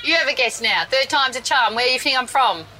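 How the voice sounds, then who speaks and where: Woman doing a wobbly put-on English accent, high. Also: animated, a little fast, bright, forceful tone, a little hiss or hum, rough recording. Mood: playful. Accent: mixed English and Irish-tinged put-on. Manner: chatty, giggly, following prompts. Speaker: radio host undercover in a cab. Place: back seat of a taxi.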